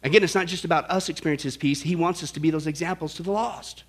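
A pastor preaching a sermon in a jokey, emphatic way, rising to loud exhortations. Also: male voice, on the high side, quick pace.

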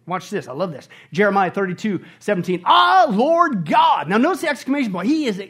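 A middle-aged male pastor preaching a sermon, animated and often shouting on his high points. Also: quick pace, husky.

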